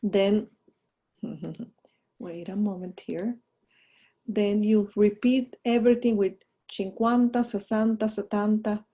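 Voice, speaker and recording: A woman's mid-range, dark-toned voice keeps fairly even intonation and takes things slowly. She's a language teacher recording an online lesson, fumbling with her mouse and making chatty asides as she covers her slides.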